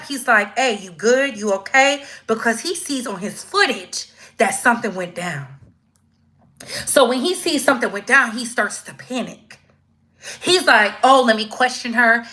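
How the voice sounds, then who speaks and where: A woman giving casual live-stream commentary, slangy and animated, acting out quoted voices as she goes. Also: a little high.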